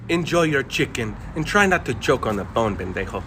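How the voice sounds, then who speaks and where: A man's voice: mid-range voice, very animated, brisk, bright, forceful tone, slight background noise, voice pushed down. A man voicing a cold, fearless wife in a told story, speaking in an icy, cutting manner. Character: cold, fearless wife facing down a rude diner.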